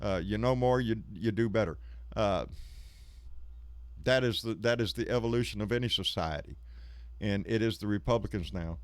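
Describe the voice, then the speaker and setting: A man's voice: on the low side, moderate pace, long pauses, clean tone, no room sound. A middle-aged man, hosting a live stream in casual, rambling, folksy chat and swearing freely. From Texas. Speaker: live show host.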